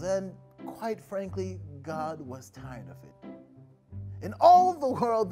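Chatty, unhurried woman storyteller for kids, big pitch swings. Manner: casual, chatty, expressive. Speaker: children's storyteller. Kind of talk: animated storytelling.

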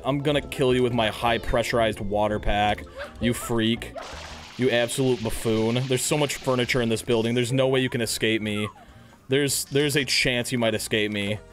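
A young man streaming a video game live, chattering crudely, reading chat aloud and bursting into loud shouts. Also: medium pitch. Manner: reads chat aloud and jokes with viewers.

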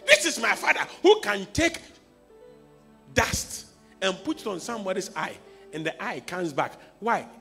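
A Ghanaian man in his forties preaching a sermon, swinging from hushed storytelling to shouting. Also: sits high, very animated, unhurried, soft background music. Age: 40s. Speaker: pastor.

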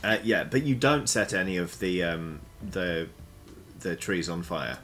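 A man's voice: low-pitched, measured pace, a bit bright, faint music behind. A man running a tabletop game as dungeon master, rambling with many ums and restarts.

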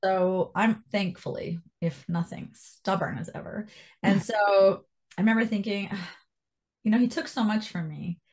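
A Canadian woman in her thirties, a guest telling her life story in an interview, animated and quoting people with lively jumps in her voice. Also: mid-range voice, unhurried.

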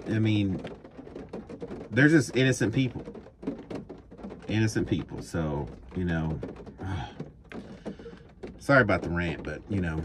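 A man who drives a truck, ranting loudly and with plenty of profanity in a vlog recorded while driving. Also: on the low side. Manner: heated, profane, animated ranting. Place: truck cab on the road. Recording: noisy truck cab.

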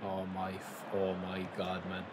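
A man from the giving excitable, frustrated live commentary on a football video game, talking to his viewers as lads. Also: low voice, measured pace, heavy background noise. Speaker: gaming YouTuber.

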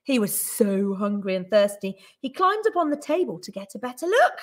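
A woman teacher reading a picture book aloud to children with clear, expressive storytelling. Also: medium pitch, normal speed.

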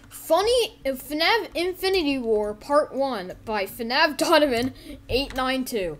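Brief: high, bouncy female gameplay narrator, giggly, full of silly voices. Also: sing-song, slow pace. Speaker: gameplay video host. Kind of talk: excited gameplay commentary.

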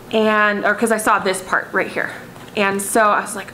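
A heavily pregnant vlogger with hiccups chats casually to the camera, rambling and dropping frequent "I was like" asides. Her mid-range voice is sharp, fairly even in intonation, and a little fast. The recording is rough, with a bit of hiss or hum.

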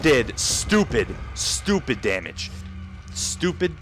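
A man's voice: medium pitch, big pitch swings, normal speed, noisy background. A young man commentating a video game, frantic and profane, swearing and yelping as he plays. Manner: frantic, swearing, yelps and shouts. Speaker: gameplay commentator. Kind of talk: profane let's-play commentary.

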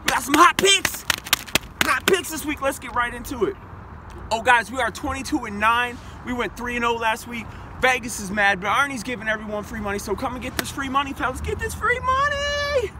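A man's voice: very high-pitched, brisk, noisy background. A young man hosting a comedic sports betting vlog, brash, boastful and profane, recorded outdoors in a parking lot. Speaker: sports picks vlogger.

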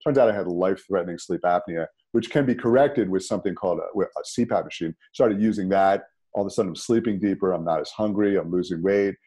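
A man, a podcast guest telling a personal story in a conversational, animated way. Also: sits low, quick pace, hardly any pauses, breathy edge. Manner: animated, rises sharply when emphatic.

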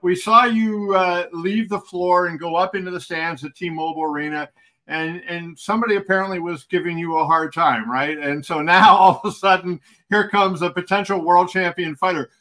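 A man's voice: high voice, steady tone, normal speed, sharp tone. A man interviewing a fighter, asking questions in a conversational way. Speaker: sports journalist, interviewer.

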